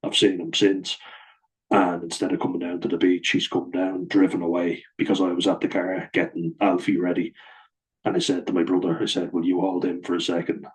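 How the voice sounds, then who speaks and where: A man's voice: low-pitched, completely flat delivery, a little fast, poor audio. A middle-aged man, bluntly telling a personal story to camera in a sweary, aggrieved way. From Ireland. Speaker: vlogger.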